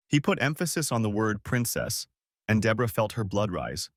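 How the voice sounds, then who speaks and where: A man narrating an audiobook story in an expressive storytelling read. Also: fairly low pitch, moderate pace, no room sound, clean studio sound. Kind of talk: scripted narration.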